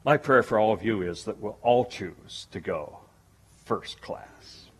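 Slow, husky, animated male preacher. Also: lowish voice. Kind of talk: sermon.

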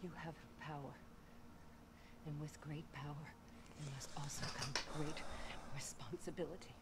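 A gentle, firm aunt who talks softly and earnestly. Her voice is faint under loud noise from the film audio. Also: low-pitched, steady tone, unhurried. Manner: soft, earnest.

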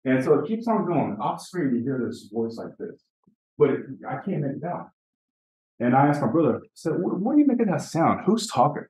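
A man's voice: mid-range voice, darkish tone. A man gives a conference presentation to teachers, chatting easily, telling stories and asking the audience questions. He is heard from a distance in a roomy, echoing space. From Native American, Apache. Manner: conversational, asks the room questions, tells stories. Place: conference session room. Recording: echoey room, mic far off.

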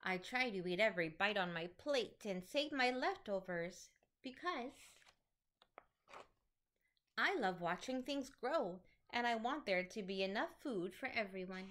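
A woman teacher reading picture books aloud to children in an animated, sing-song storytelling manner. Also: medium pitch, unhurried.

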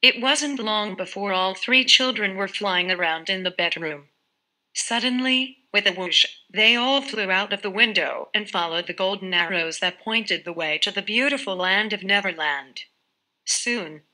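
Brief: female narrator, scripted children's fairy tale, steady clear delivery, bright tone. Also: mid-range voice, rough recording.

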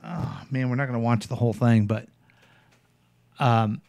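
A man's voice: mid-range voice, moderate pace, gravelly, dry recording. Easygoing male radio host, dry sound. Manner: relaxed, introduces clips with asides. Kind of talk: casual radio talk.

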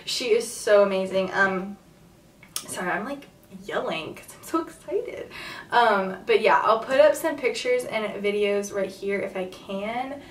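A woman's voice: mid-range voice, measured pace, recorded from a distance, slight background noise. Chatty young woman in an echoey room. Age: young adult. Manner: excited and chatty, many fillers. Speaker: vlogger. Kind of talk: casual chat to camera. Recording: echoey room, voice a little off-mic.

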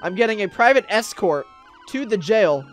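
A man's voice: high voice, expressive, normal speed, soft background music. A man giving roleplay gameplay commentary, dramatic and exasperated, with whiny pleading and complaints. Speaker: gaming YouTuber.

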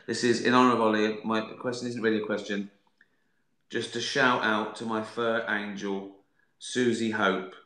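A man's voice: fairly low pitch, a bit bright. A middle-aged man hosting a casual live stream, answering viewer questions in a rambling, hesitant way with dry jokes. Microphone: phone streaming live. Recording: roomy, echoey room sound.

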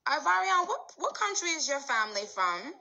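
A woman's voice: medium pitch, very animated, measured pace, bright, forceful tone. A woman hosting a livestream, chatting casually and playfully with her viewers. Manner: playful, chatty, bursts of laughter. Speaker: livestream host.

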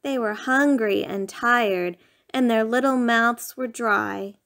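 A woman's voice: a little high, takes it slowly, vocal fry, a bit bright. A woman reading a rhyming picture book aloud in a sing-song, playful bedtime storytelling manner.

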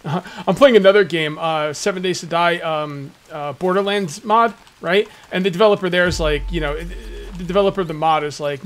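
With a fairly high pitch and a moderate pace that rarely pauses, a man hosts a gaming channel on YouTube. He keeps up chatty, jokey let's-play banter aimed at viewers, ranting freely and putting on mock voices.

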